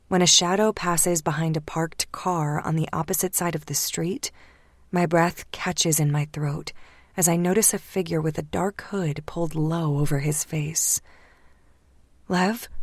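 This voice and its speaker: A woman reading a first-person romance audiobook, hushed and slipping into whispers at tense moments. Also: deep voice, dry recording. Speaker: audiobook narrator.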